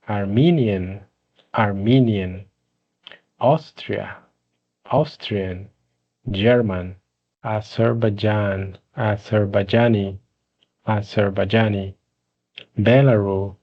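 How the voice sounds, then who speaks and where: Male language teacher, lower voice, deliberate pronunciation-drill delivery, lo-fi recording. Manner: slow, deliberate listing of words for learners. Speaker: English teacher.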